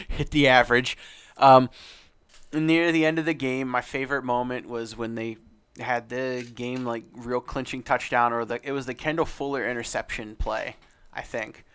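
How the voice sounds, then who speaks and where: A man's voice: medium pitch, fairly even intonation, normal speed, a bit bright, clean tone. A young man co-hosting a sports podcast, rambling and swearing as he tells a story in casual chat. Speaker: podcast co-host.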